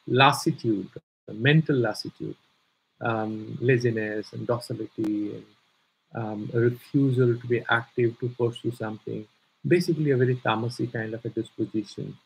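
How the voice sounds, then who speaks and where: Man, gravelly rasp, scripture class teacher, halting with fillers. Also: mid-range voice, steady tone, low-quality recording. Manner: searches aloud for words, many fillers, stresses key terms. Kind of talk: explaining scripture commentary in a class.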